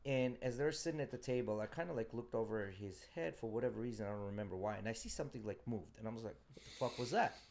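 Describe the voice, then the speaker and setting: A man's voice: lowish voice, quick pace, gravelly, hardly any pauses, darkish tone, a little hiss or hum. A man co-hosting a casual podcast, speaking bluntly and emphatically with a lot of swearing. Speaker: podcast co-host. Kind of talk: casual chat.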